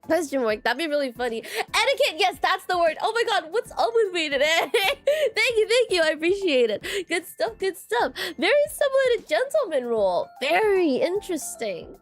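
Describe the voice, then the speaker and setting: A woman's voice: very high-pitched, sing-song, normal speed, hardly any pauses, faint music behind. A woman streaming as a VTuber, chatting casually with viewers, giggly and full of filler words and repeated phrases. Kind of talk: casual livestream chat with viewers.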